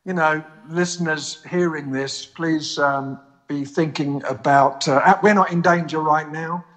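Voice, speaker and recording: A man's voice: on the high side, steady tone, measured pace, a bit bright. A man as an interview guest speaking over a video call, chatting in a self-deprecating, joking way that turns earnest. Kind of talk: casual conversation. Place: home in the US, remote link.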